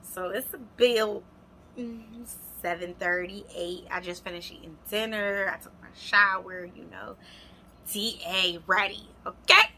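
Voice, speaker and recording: Young woman vlogger, bright and lively, addressing viewers directly. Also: medium pitch, a little slow, a little hiss or hum. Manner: animated, talks straight to viewers. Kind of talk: storytime vlog, casual chat.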